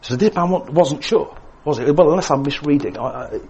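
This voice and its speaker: A man preaching a sermon, swinging between emphatic lines and hushed, quiet ones. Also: a little high, expressive, a little fast, slightly rough, highs cut off.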